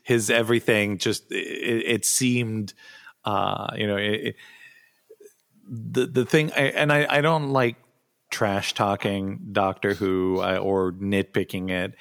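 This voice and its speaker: Man, podcast co-host, non-native English speaker, low voice, halting casual delivery. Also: fairly bright tone, clear, resonant tone. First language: not English. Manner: halting, many restarts and fillers.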